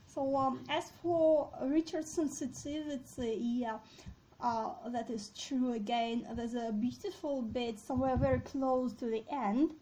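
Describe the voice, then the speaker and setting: A high-pitched woman leads a literature discussion at an unhurried pace. She asks questions and reads quoted lines aloud over a faint background hiss. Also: steady tone, warm tone, low-quality recording. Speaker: teacher. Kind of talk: discussion lesson on a play.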